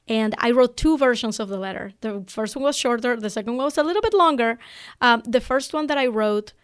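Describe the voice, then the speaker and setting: A woman hosts her own show, voice sitting a touch above the usual pitch. She tells her story in a heartfelt, emotional way, loose and conversational with plenty of "like" and "um.". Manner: casual with fillers like "like" and "um". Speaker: podcast host. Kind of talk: solo podcast storytelling.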